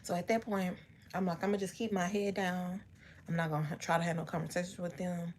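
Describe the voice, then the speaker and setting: A woman's voice: fairly low pitch, little pitch movement, brisk, slight background noise. A woman in her bedroom telling a personal story to her live chat, ranting and cursing freely as she talks straight to viewers. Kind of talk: casual storytime livestream.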